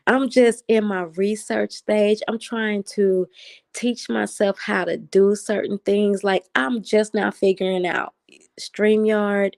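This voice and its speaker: A woman chatting casually on a late-night livestream, reading and answering viewer comments, with a voice that always sounds excited. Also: medium pitch. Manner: naturally excited-sounding, animated voice.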